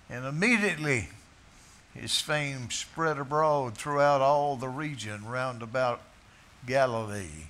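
A man preaching a sermon in a bar, swinging from quiet asides to loud, drawn-out scripture quotes. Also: fairly high pitch, expressive.

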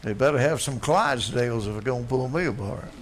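A man preaching a blunt, folksy sermon, dropping to quiet asides and then yelling. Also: medium pitch, quick pace. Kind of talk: fiery sermon.

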